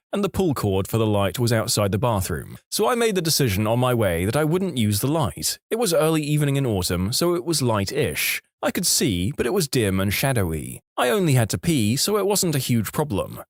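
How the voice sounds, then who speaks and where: Man narrating a story, lively rising and falling pitch, dry close sound. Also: no echo. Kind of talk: reading a story aloud.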